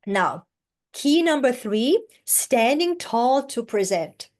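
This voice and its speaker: A woman coaching a class over a video call, her voice sitting fairly high. She speaks slowly and warmly encourages the group through each breathing exercise. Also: very animated. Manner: slow, encouraging, demonstrating breathing and tones. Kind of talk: online masterclass teaching.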